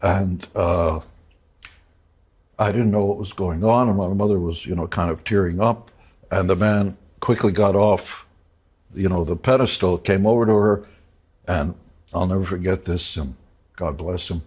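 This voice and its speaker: A man with a very deep, husky voice recounts a personal memory on a TV interview set. His delivery is reflective and halting, with moments where he gets choked up. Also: darkish tone. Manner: reflective, halting, moved to tears at times. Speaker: interview guest. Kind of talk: emotional personal storytelling.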